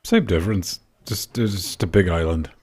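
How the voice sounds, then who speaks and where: A man's voice: sits low, moderate pace, darkish tone, husky. A man bantering bluntly and dryly on a casual gaming podcast. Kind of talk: casual chat.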